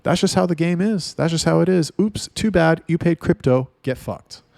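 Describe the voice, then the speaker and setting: A man's voice: fairly high pitch, normal speed, gravelly, a little mellow, no echo. A man ranting in a casual, blunt and heavily profane monologue. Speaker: talk host.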